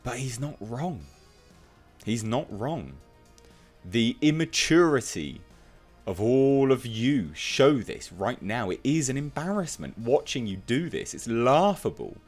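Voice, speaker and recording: A man's voice: medium pitch, very animated, takes it slowly, faint music behind. A man giving opinionated commentary, reading out online comments and mocking them with emphatic scorn. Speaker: commentary youtuber.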